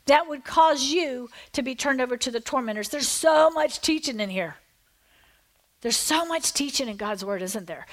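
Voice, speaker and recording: Woman, pastor, emphatic sermon, digressive asides, fairly high voice. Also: moderate pace. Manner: animated, digressive, emphatic preaching. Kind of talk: sermon with scripture reading.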